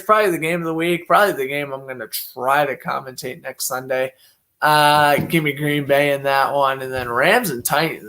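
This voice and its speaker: A man's voice: fairly high pitch, a bit bright. A young man doing casual solo play-by-play commentary and predictions, chatty and thinking aloud with many fillers.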